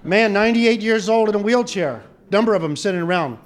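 A man doing stand-up, telling jokes in a lively storytelling way and chuckling at his own punchlines. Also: high voice, brisk. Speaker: comedian.

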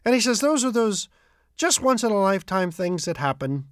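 A man retelling anecdotes about someone else's memories, with animated delivery that keeps repeating what people said. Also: sits high, normal speed, dry recording, clean studio sound. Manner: animated, repeats quoted speech. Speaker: storyteller.

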